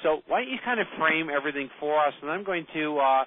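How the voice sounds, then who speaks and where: A man hosting a mentoring call, pitching his program in a salesy, rambling way with many fillers. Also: expressive, quick pace, a little hiss or hum. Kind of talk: webinar hosting on a conference call. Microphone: phone call. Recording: tinny phone line.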